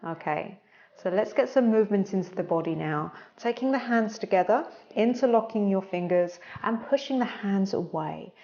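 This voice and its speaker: A woman yoga instructor giving slow, calm, soothing breathing and stretching cues. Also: mid-range voice, lo-fi sound.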